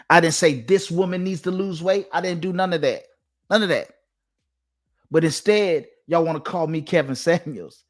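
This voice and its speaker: A man with a fairly high-pitched voice hosts his own channel, speaking directly to his audience. He lectures emphatically, hammering the same points again and again as he addresses his listeners head-on. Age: adult, father of two. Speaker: channel host giving dating commentary. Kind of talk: direct-to-camera monologue.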